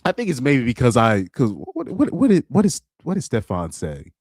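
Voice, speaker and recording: A man's voice: wildly swooping pitch, moderate pace, a little mellow, dry recording, clean studio sound. A man in casual livestream commentary, laid-back, laughing often and trailing off mid-thought. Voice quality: deep voice he calls super villain-like. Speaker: reaction streamer.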